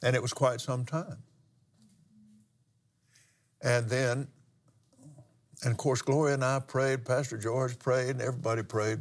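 An older man, a minister telling a testimony story in a folksy, drawn-out way with pauses and restarts. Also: medium pitch, fairly even intonation. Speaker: minister and pilot. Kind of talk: storytelling testimony in a broadcast talk.

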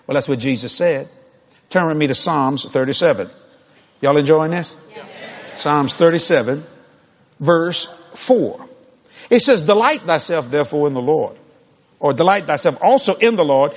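An older man, preaching a storytelling sermon that acts out dialogue and climbs toward near shouts. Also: a little high, animated, moderate pace.

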